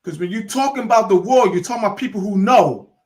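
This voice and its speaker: A man's voice: high voice, expressive, quick pace, a little mellow. A man giving an impassioned, repetitive lecture as a host, talking informally and slipping into dialect. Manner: preachy and repetitive, building in fervor.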